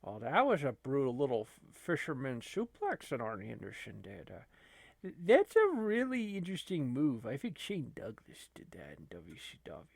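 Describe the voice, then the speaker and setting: A man's voice: mid-range voice, wildly swooping pitch, moderate pace, gravelly, a little mellow, no echo. A man casually commentating a wrestling video game as a channel host, rambling with many fillers and laughing between remarks. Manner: rambling, laughing, filler-heavy, lots of restarts.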